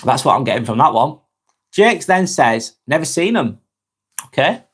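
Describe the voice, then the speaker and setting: A man's voice: on the high side, very animated, moderate pace, a bit bright, breathy edge. A young man hosting a casual live stream, reading viewers' comments aloud and answering them frankly and chattily.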